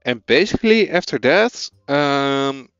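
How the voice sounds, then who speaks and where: A man's voice: mid-range voice, expressive, a little slow, a bit bright, smooth, no echo, muffled recording, soft background music. A man with a Dutch accent, a native Dutch speaker, thinking aloud as he codes and chatting with viewers on a casual live stream.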